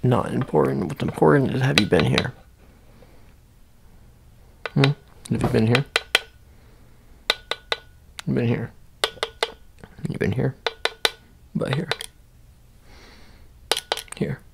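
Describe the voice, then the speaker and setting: A man in a whispered role-play as an ASMR host, playful and rambling, drifting between a soft voice and whispers. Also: mid-range voice, steady tone, slow, gravelly, pauses often, very noisy.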